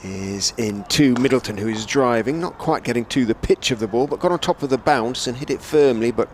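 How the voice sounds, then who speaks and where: A man giving relaxed ball-by-ball cricket commentary from a rooftop commentary position, rising with excitement on the big shots. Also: medium pitch, a little hiss or hum. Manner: measured, chatty, lifts to excited calls on big shots. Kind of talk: radio-style ball-by-ball commentary. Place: commentary position on a stadium hotel roof.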